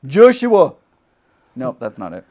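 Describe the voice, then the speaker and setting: A man's voice: mid-range voice, animated, moderate pace, a little mellow. A man bantering casually during a home sewing livestream, joking and laughing, sitting a bit away from the microphone. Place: home sewing room, indoors.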